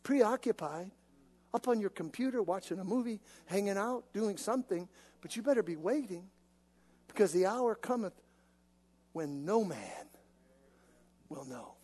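Guy preaching and telling stories, lively and chatty, long echo like a big church. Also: high-pitched, measured pace, pauses often, slightly rough. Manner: animated, conversational storytelling. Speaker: pastor. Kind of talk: sermon with personal storytelling. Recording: long reverb of a large hall.

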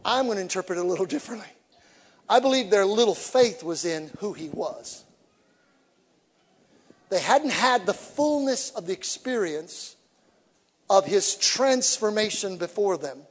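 A man preaching as an evangelist, telling stories with humor and swinging from quiet to shouting. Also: sits high, unhurried, long pauses. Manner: animated storytelling with humor, shifts from quiet to shouting. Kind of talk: sermon. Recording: echoey hall reverb.

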